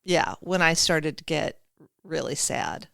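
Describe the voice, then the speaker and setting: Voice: medium pitch, big pitch swings, unhurried, gravelly, bright, forceful tone, clear, resonant tone, no room sound, clean studio sound. A podcast co-host chatting casually, joking along and giving lots of listening sounds. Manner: jokey back-and-forth, lots of listening sounds. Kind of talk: casual chat.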